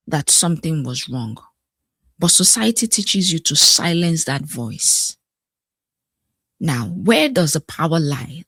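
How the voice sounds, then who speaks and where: A woman's voice: lowish voice, breathy edge, no room sound, clean studio sound. A woman life coach giving an emphatic motivational talk to camera, repeating key words and asking viewers questions.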